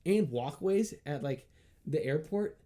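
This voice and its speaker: A man co-hosting a comedy podcast chats casually in a voice on the high side, animated yet a little slow. He rambles, laughs often, and acts out his thoughts in a hushed voice.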